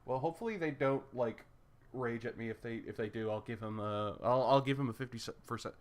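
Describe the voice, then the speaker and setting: A man's voice: medium pitch, a little fast. A man chatting casually while livestreaming a game, often stammering and repeating words as he searches for them. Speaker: streamer.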